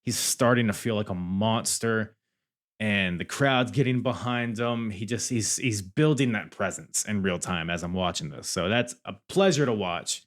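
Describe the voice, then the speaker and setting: A man's voice: fairly low pitch, normal speed. A man hosting a podcast, chatting casually and enthusiastically, laughing and swearing as he talks through wrestling matches. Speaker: podcast host.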